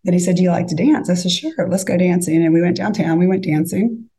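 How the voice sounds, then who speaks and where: Gravelly low-voiced woman telling a story. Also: fast talker, poor audio. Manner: animated, acts out quoted lines. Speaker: guest storyteller. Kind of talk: casual storytelling.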